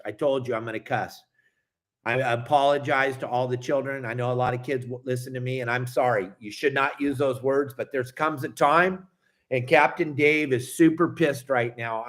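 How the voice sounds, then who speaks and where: High-pitched socal fishing guy ranting at his viewers, cussing, goes loud then mutters. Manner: angry, cussing, repetitive, swings loud and soft. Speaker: fishing show host. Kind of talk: impassioned rant to viewers.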